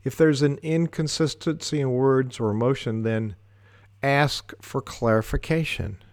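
Slow, measured man giving leadership advice. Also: medium pitch, darkish tone, no room sound, clean studio sound. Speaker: leadership speaker. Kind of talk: scripted leadership talk.

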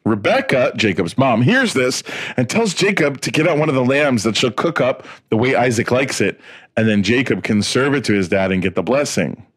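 A man co-hosting a podcast, excitable and giggly as he retells the story in casual chat. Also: medium pitch, normal speed, breathy edge. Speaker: podcast co-host.

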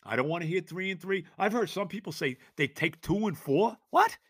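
An older man hosting a sports podcast, ranting loudly and exasperated, hammering points with shouted repetition. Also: high voice, expressive, fairly quick, husky, dry recording, studio quality. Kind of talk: sports talk rant.

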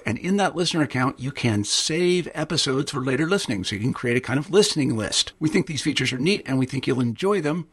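Husky man reading a promo. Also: medium pitch, fairly bright tone. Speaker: network editor. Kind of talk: scripted promo.

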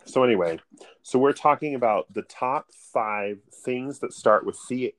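A woman's voice: rumbling low, a little slow. A woman in her thirties co-hosting a podcast, chatting casually with jokes and goofy tangents. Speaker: podcast co-host. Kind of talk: casual chat.

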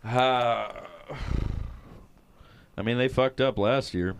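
A man's voice: medium pitch, slow pace, creaky, clear, resonant tone. A man co-hosting a podcast, chatting casually about baseball in a crude, joking way. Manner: crude, joking banter, swearing. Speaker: podcast co-host. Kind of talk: casual sports chat.

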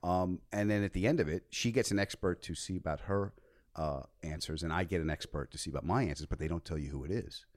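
A man as a podcast guest, telling stories in casual chat with loud excited bursts. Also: low-pitched, fast talker.

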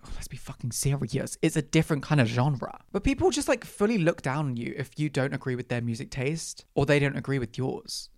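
A woman's voice: low voice, sing-song, brisk, a little mellow, dry recording, studio quality. A young woman hosting a solo podcast, ranting with exaggerated, sweary outrage. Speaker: podcast host. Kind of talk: solo comedic rant.

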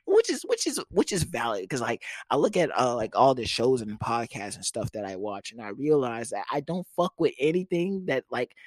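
A man's voice: mid-range voice, expressive, normal speed, hardly any pauses, no echo. A young man hosting a casual solo podcast, joking crudely and laughing often, close to the mic. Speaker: podcast host. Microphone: close studio mic.

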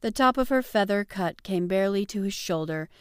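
A woman narrating a novel in a measured, even storytelling manner. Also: mid-range voice, clear, resonant tone, dry recording, clean studio sound. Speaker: audiobook narrator. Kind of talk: scripted narration.

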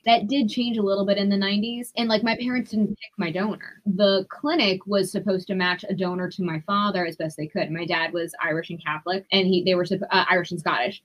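A woman guest on a podcast interview, telling her own story in a lively way and swearing freely. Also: medium pitch, dull audio.

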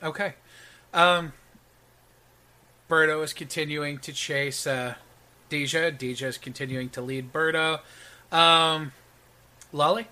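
A man narrating a tabletop game as game master. He describes the action in a bright, ringing voice and often pauses on an um. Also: on the high side, steady tone. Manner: descriptive, with frequent ums.

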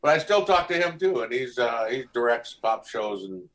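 Lively middle-aged man telling stories. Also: medium pitch, normal speed, slight background noise. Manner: animated, acts out voices in anecdotes. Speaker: guest actor. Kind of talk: casual interview storytelling.

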